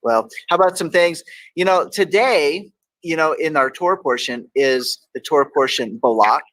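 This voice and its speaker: Texan male host, playful quote-reading, slightly high voice, dry close sound. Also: moderate pace, fairly bright tone, no echo, rough recording. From Texas. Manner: reads quotes aloud with playful emphasis. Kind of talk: casual talk show banter.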